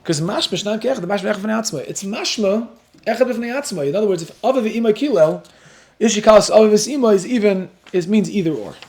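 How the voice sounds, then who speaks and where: A man teaching a Talmud class, animated and explaining step by step, with a story worked in. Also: high-pitched, quick pace. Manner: animated, switches between English and Hebrew-Aramaic terms.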